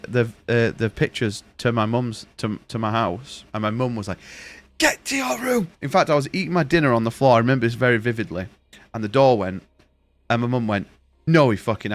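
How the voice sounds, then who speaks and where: Young dude streaming, swears a lot, rambles through stories, mid-pitched voice. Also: male voice. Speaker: gaming streamer. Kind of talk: casual chat while streaming.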